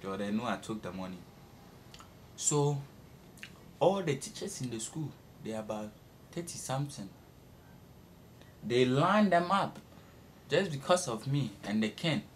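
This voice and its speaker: A young man performs a comic storytelling monologue, and his pitch swings widely through every sentence. He tells it with animated energy and jumps into high shrieks and bursts of laughter. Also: measured pace, long pauses, slight background noise. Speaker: comedic storyteller.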